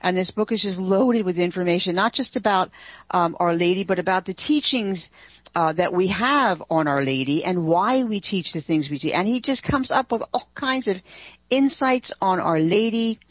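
A woman guest on a radio talk show, eager and animated, talking as a writer and researcher. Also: on the low side, moderate pace, dry recording, dull audio. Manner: eager, animated, laughs easily. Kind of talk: radio interview chat.

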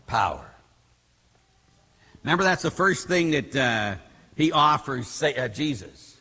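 A middle-aged priest from Pittsburgh with a husky voice, preaching through animated stories told with many fillers. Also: male voice, mid-range voice, a little slow, in a large hall. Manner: animated storyteller acting out quotes, many fillers. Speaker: Catholic priest. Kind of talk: storytelling sermon.

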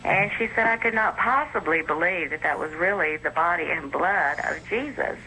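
Bright caller in their forties on a phone line. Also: mid-range voice, moderate pace, a little hiss or hum. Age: 40s. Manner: earnest, recounting an argument. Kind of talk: phone-in call.

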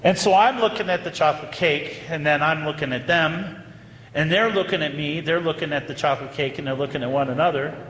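A man, a priest, preaching with animated storytelling that swings between loud and hushed. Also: on the high side, a little fast, a little hiss or hum. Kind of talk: sermon storytelling. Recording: echoey hall with faint ambience.

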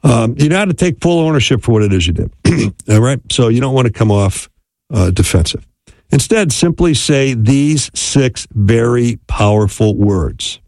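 A man giving a relaxed, conversational teaching talk on marriage, often checking in with "right?" and "okay?". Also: mid-range voice, moderate pace, no room sound. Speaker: speaker on marriage.

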